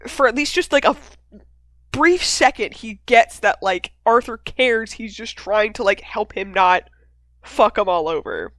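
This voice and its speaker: A woman hosting a casual discussion, talking in an animated way, swearing freely and acting out characters' lines. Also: a little high, unhurried, no echo. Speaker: podcast host leading a discussion. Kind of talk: casual chat.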